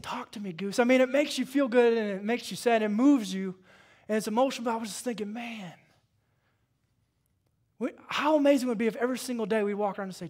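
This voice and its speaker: A man with a notably high voice delivers a sermon in an easy, conversational tone. He puts questions to his congregation as he goes. His volume rises and falls, from hushed prayer to loud, emphatic exhortation. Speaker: pastor.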